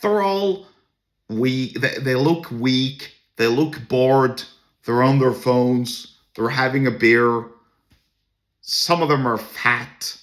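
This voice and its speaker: A man's voice: medium pitch, takes it slowly, a bit bright. A man hosting a podcast, telling a personal story to camera in a blunt, crude and scornful way. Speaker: podcast host.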